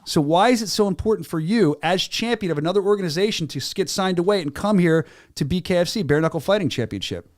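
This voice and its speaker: A man with a Philadelphia-area accent hosting a casual chat, enthusiastic and full of quick restarts. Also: high-pitched, expressive. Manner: enthusiastic, rapid, stumbling restarts. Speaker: host.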